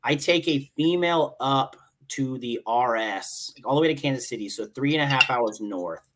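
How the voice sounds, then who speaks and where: A man in his thirties telling stories as a guest in a relaxed chat. He talks in an animated way, swears easily and plays out the back-and-forth of conversations. His voice sits at an ordinary middle pitch for a man. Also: normal speed, background noise. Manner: animated, swears casually, acts out dialogue. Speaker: podcast guest, Marine staff sergeant. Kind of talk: casual storytelling chat.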